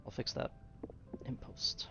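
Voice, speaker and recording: A man's voice: slow pace, in a whisper, highs cut off, over music. A young man who streams games, muttering to himself while he builds and chatting casually with his viewers. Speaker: game streamer. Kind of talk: casual gameplay commentary to chat.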